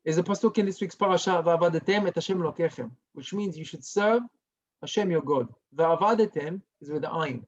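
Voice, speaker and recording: A male rabbi giving a Torah lesson as a story, lively and dropping to a hush for the dramatic parts. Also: a little high, normal speed, muffled recording. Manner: animated storyteller who drops to a hushed tone for dramatic parts.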